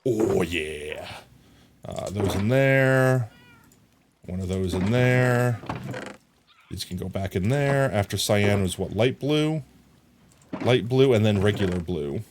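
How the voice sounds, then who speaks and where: Low-voiced man streaming, chatty and playful. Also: expressive, slow pace, pauses often, background noise. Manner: chatty, talks to chat, sings silly sound effects. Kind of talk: casual live game commentary.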